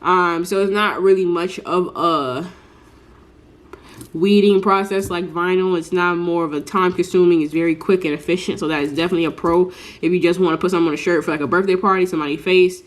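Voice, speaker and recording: Congested woman in a chatty craft vlog. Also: lowish voice. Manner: chatty, rambling with many fillers. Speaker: small business crafter. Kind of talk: casual tutorial vlog.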